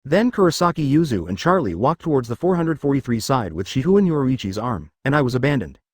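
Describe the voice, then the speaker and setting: Guy reading a web novel audiobook, steady narrator voice, pitch moves around a lot. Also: fast, no echo, studio quality.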